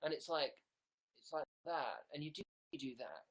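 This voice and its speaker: A man's voice: a little high, lively intonation, normal speed, long pauses, fairly bright tone, slightly rough. A young British man chatting sarcastically on a livestream from his bedroom, playing a mock diva. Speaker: livestream host. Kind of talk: casual livestream chat.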